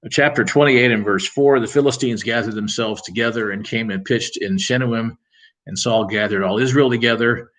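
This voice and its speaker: A man's voice: medium pitch, normal speed, fairly bright tone, low-quality recording. A man leading a Bible study, reading scripture aloud and then explaining it in plain, casual words. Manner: reads verses aloud, then paraphrases them casually. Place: church.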